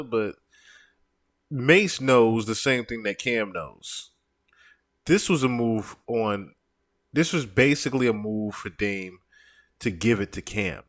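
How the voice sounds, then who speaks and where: A man's voice: medium pitch, slow, pauses often. A man giving casual, explanatory reaction commentary on a played clip. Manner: animated, explanatory.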